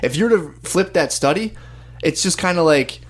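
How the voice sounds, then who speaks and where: Young guy rambling on a podcast, lively, jumps up high mimicking ppl. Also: moderate pace. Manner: rambling, animated storytelling with mimicked voices. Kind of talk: casual chat.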